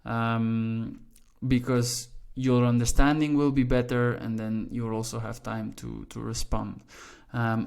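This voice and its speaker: A man's voice: mid-range voice, darkish tone, clean tone. Chatty man giving a language lesson. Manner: chatty, many "you know" fillers. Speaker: Dutch language tutor. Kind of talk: casual online language lesson.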